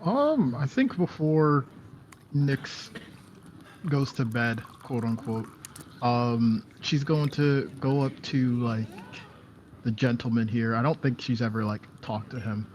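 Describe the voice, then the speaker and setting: A man's voice: medium pitch, slow, a little hiss or hum. A man playing in a tabletop game, describing his character's actions hesitantly with many fillers. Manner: hesitant, filler-heavy, lively. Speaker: player.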